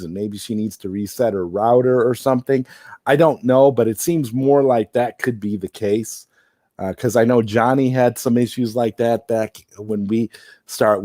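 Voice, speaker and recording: A man's voice: lowish voice, dark tone, no echo, studio quality. A man hosting a casual late-night live-stream Q&A, rambling and circling back to repeat his points.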